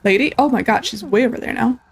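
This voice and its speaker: A woman casually commentating her survival game playthrough, chatting to the creatures on screen and breaking into excited yelps. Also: fairly high pitch, fast, gravelly, faint music behind, low-quality recording. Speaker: gameplay streamer. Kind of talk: casual let's-play commentary.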